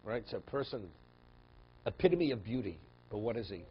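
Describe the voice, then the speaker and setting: A man, a rabbi, teaching a Talmud class in an animated lecture style, rising loud on key words and restarting phrases often. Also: on the low side, moderate pace, husky. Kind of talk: spoken Torah lecture. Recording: dull lo-fi recording with faint hum.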